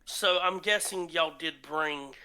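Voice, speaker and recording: Slow, halting game master. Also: male voice, on the high side, pushed and bright, clean tone. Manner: slow, halting, many ums and uhs. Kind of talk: narrating a tabletop game.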